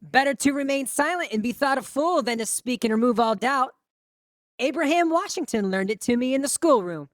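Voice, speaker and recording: A crude, dim-witted grown son, voiced by a woman, spits out mocking taunts in a high, pushed voice. The audiobook character is vengeful and loud, recorded dry and close. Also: expressive, brisk, dry recording.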